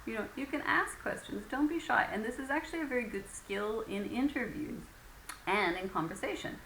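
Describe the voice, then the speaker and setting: Bright-voiced woman teaching English. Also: on the high side, brisk. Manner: patient, many fillers, acts out example phrases. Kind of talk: recorded lecture. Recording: echoey room with faint ambient noise.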